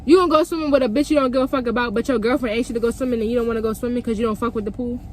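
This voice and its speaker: A young woman vlogger telling a story in a lively, emphatic, profane way. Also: fairly high pitch, racing, slight background noise. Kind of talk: storytime vlog.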